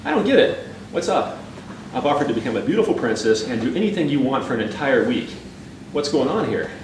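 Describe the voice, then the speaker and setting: A man's voice: mid-range voice, expressive, quick pace, pitched above the performer's own voice, close to an everyday voice. A man voicing a talking frog that insists it is an enchanted princess, pleading and getting frustrated. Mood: exasperated. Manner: pleading, growing frustrated and angry. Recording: roomy and distant with background noise.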